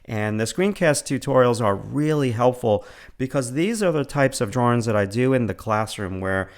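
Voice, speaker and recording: A man's voice: mid-range voice, animated, moderate pace. A middle-aged man with a New York accent, an art instructor casually walking through his online lessons, enthusiastic and full of fillers and repeated words. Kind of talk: casual screencast walkthrough.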